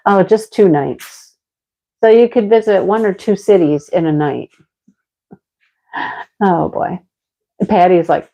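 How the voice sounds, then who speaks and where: A woman's voice: medium pitch, slow pace, pauses often, warm tone, muffled recording. A middle-aged woman hosting a casual livestream, chatting with viewers and talking to her dogs. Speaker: livestream host.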